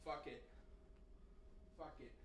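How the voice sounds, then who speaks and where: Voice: slow pace, a bit bright, roomy sound, recorded from a distance, a little hiss or hum. A streamer playing a story game live, muttering crude asides between lines. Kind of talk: live game playthrough, reading aloud.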